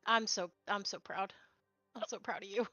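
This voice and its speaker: A woman's voice: medium pitch, fairly even intonation, normal speed, pushed and bright, no room sound, lo-fi sound, faint music behind. A woman playing a tabletop game, dry and teasing. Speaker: player. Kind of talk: in-character tabletop play.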